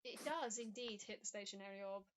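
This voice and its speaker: A woman's voice: medium pitch, a little fast. A woman game master narrating a tabletop game, with many ums and uhs.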